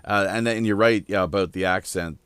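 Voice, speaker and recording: A man's voice: sits low, steady tone, a bit bright, clear, resonant tone, no echo. A man hosting a casual podcast round-table, rambling with lots of fillers. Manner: rambling, filler-heavy, deliberate. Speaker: podcast host.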